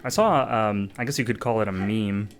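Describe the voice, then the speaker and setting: A man's voice: on the low side, moderate pace. A man giving casual gameplay commentary, thinking aloud with lots of fillers. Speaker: let's-play gamer.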